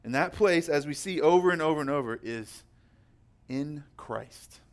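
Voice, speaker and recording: A young man delivers a sermon as a pastor, his voice sitting a little high for a man. He preaches emphatically, slowing down to press on the words that matter. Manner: emphatic, slows down to stress key words.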